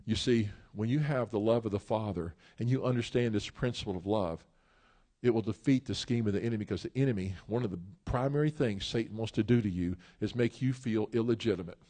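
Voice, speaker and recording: A man preaching a sermon, emphatic and repetitive, rising to loud peaks and dropping low, with some stumbles and restarts. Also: brisk. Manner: repeats phrases, stumbles and restarts.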